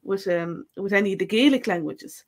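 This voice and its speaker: A woman's voice: medium pitch, a little fast. A woman with an Irish accent, co-hosting a live language Q&A in a chatty, easygoing way with frequent fillers. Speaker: Irish language teacher, co-host. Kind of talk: casual live-stream chat.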